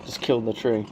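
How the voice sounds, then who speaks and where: A man's voice: mid-range voice, gravelly, a little mellow, a little hiss or hum. A man giving a casual movie reaction commentary, laughing often, swearing and filling with "like" and "you know".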